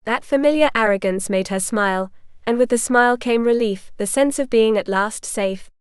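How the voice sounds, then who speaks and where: A woman narrating a romance audiobook in a measured, even storytelling manner. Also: a little high, smooth, no room sound, clean studio sound. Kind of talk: scripted narration.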